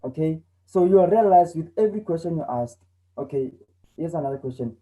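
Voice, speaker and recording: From home, a South African man gives an online English class, patiently repeating explanations with frequent "okay"s. He talks fairly quickly in a slightly high, warm voice with lively intonation, captured on a low-quality recording.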